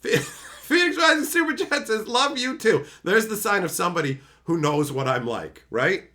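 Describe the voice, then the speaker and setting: Animated, high-voiced ranting male streamer. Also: moderate pace. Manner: profane, theatrical ranting. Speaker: livestreamer. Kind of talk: livestream rant.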